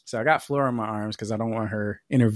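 A man's voice: on the low side, fairly even intonation, fast, no echo, studio quality. A man co-hosting a podcast, telling a long, profane story in casual chat. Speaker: podcast co-host.

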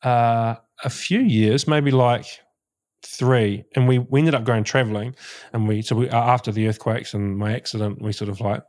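A man's voice: mid-range voice, steady tone, moderate pace, darkish tone. A middle-aged man, a guest on a podcast, telling his story reflectively and leaning on a lot of "you know". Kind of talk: casual interview chat.

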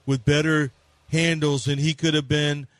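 A man's voice: a little high, flat delivery, unhurried, no echo. A man co-hosting sports radio, telling self-mocking stories about his son. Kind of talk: casual anecdotal radio chat.

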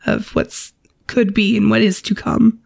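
A woman co-hosting a podcast, her congested voice ragged, nasal and full of gravelly fry. She chats loosely and rambles as she signs off. The recording is close and dry. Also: medium pitch, fairly even intonation, measured pace, darkish tone, dry recording. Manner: chatty, rambling, breaks into laughs. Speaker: podcast co-host. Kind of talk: casual podcast sign-off chat.

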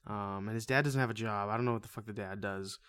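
A man co-hosting a casual movie review podcast, rambling and swearing freely as he retells plots with animated energy. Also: lowish voice, fast talker, clear, resonant tone. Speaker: podcast co-host.

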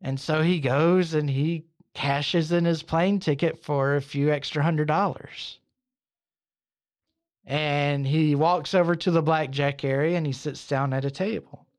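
A man hosting a podcast, narrating a story in an unhurried, conversational way with casual asides. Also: a little high, steady tone. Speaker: podcast host.

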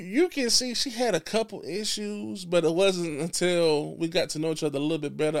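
Blunt, gravelly-voiced man sounding off. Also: on the high side. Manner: blunt and profane, with frequent restarts; emphatic and preachy. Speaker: podcast guest. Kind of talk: casual opinionated podcast chat.

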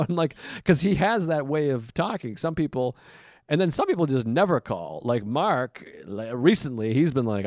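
A man hosting a podcast in casual chat, recorded in a hotel room, who acts out the people he quotes with sudden jumps in pitch. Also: lively intonation, moderate pace, a little mellow, dry recording, studio quality. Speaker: podcast host.

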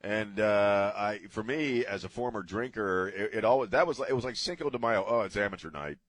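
A man's voice: fairly low pitch, moderate pace, no room sound. A middle-aged man hosting a talk radio show, ranting sarcastically in a studio. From United States. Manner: sarcastic, ranting, swears casually. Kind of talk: opinionated talk radio monologue. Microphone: studio broadcast mic.

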